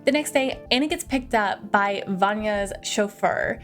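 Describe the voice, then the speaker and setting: A woman's voice: mid-range voice, measured pace, fairly bright tone, faint music behind. A young woman casually recapping a film, chatty and full of fillers, swearing freely. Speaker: movie reviewer.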